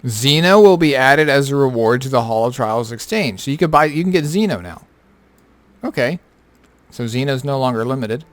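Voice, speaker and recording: A man's voice: medium pitch, animated, moderate pace, no echo. A tired man who has been up all night, casually going over game patch notes with lots of fillers and offhand remarks. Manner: rambling, filler-heavy, offhand. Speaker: gaming content creator.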